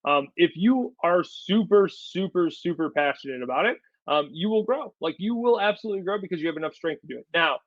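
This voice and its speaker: A man with a somewhat high voice talks with energy as a podcast guest, repeating words to stress his points. The sound is dry and a little dull, with no room around it. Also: expressive, brisk, few pauses, dry recording. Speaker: podcast guest, company storyteller. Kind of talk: casual business interview.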